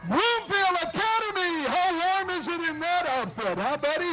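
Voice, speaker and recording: A middle-aged man announcing a street parade outdoors, joking with the crowd and shouting cheers. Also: extremely high pitch, expressive, moderate pace, hardly any pauses, over loud music. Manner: jokey, upbeat emcee, often shouting cheers. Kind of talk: live event announcing. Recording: noisy outdoor parade recording.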